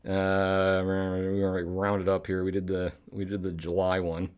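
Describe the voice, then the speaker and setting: A man's voice: low voice, monotone, normal speed, a little mellow, clear, resonant tone. A man hosting a public access show, rambling through a sign-off and laughing at his own bad jokes. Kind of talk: rambling live sign-off chat.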